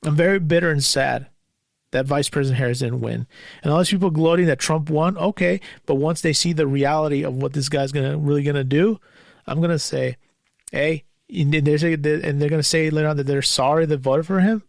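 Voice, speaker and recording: A man's voice: fairly high pitch, steady tone, a little fast, gravelly, no echo, studio quality. A man hosting his own podcast, talking alone in an anxious, bitter way and swearing often. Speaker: podcast host. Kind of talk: solo podcast monologue.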